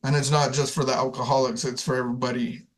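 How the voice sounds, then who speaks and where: A man's voice: mid-range voice, flat delivery, fast talker. A man giving an informal spiritual talk to a recovery community, conversational, often repeating words and restarting. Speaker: speaker sharing at a recovery community.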